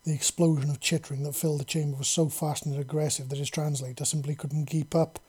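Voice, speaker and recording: Man, story narrator, steady reading, husky. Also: fairly high pitch, fast talker. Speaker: audiobook narrator.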